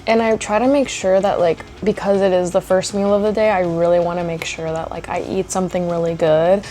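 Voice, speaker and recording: A woman's voice: lowish voice, fairly even intonation, a little fast, dark tone, a little hiss or hum. Chatty young woman rambling in a vlog. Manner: chatty, rambling, many likes and laughs. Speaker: vlogger.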